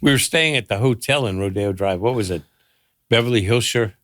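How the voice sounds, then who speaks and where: A man's voice: lowish voice, fairly quick, a bit bright, no echo, studio quality. An older man, a father on a podcast, telling family stories casually and laughing through them.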